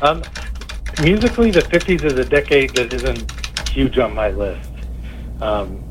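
A man's voice: medium pitch, a little slow, slight background noise, low-quality recording. A man co-hosting a casual radio show from a studio, speaking in a laid-back, hesitant way. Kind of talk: casual on-air chat.

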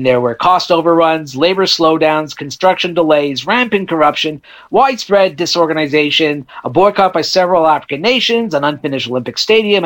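A man's voice: fairly high pitch, a bit bright. A man, talking on radio about a book in a chatty, storytelling way with small slips. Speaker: book reviewer guest. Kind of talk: conversational book segment.

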